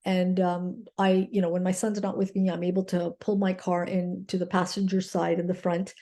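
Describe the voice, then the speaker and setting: A woman's voice: on the low side, level tone, normal speed, mellow. A woman mindset coach telling a personal story in an earnest, grateful way, often checking in with her listeners with "okay?".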